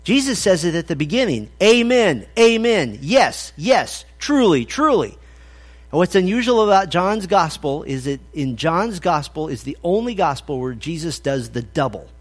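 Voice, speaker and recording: A man's voice: a little high, expressive, moderate pace, few pauses. A man preaching an expository sermon, conversational and emphatic as he quotes scripture. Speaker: pastor.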